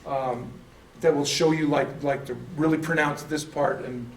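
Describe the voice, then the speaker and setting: A man's voice: a little high, steady tone, a little slow. Rambling male teacher in an echoey room. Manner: rambling, repeats words, frequent "okay?" checks. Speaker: church Bible class teacher. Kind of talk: casual classroom lecture. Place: church classroom. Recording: echoey room, mic far off, faint room noise.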